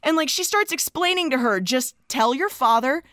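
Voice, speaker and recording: A woman co-host with a high, bouncing voice gushes through a movie recap, acting out the lines as she goes. Her tone is bright and sharp, and the recording is dry and close on the mic. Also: moderate pace, no room sound. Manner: animated and gushing, acts out quotes. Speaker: podcast co-host. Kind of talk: casual movie recap chat.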